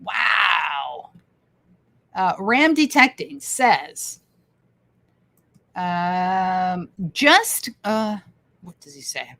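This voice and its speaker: A woman's voice: lowish voice, sing-song, very slow, vocal fry, long pauses, sharp tone. A woman hosting a casual livestream, reading viewer comments aloud with enthusiasm and frequent laughter. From Canada. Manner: enthusiastic, laughs often, repeats phrases. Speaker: livestream host.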